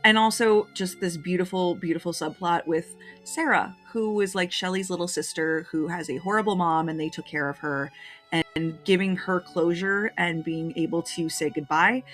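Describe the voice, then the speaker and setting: A woman's voice: fairly low pitch, steady tone, normal speed, fairly bright tone, faint music behind. A woman gushing through her favorite movies to camera in a casual review, openly emotional and getting choked up as she talks.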